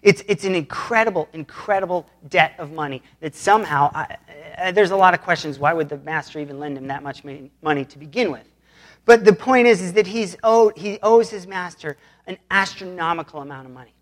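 A pastor delivers a relaxed, conversational sermon at a middle pitch. The pastor retells an old parable in plain, modern words and speaks directly to the congregation. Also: brisk. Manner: plainspoken, retells scripture in everyday terms.

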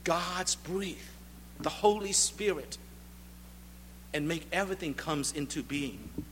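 A man's voice: fairly high pitch, slow pace, a bit bright, in a large hall, a little hiss or hum. A male pastor preaching a sermon, emphatic and driving home repeated rhetorical questions.

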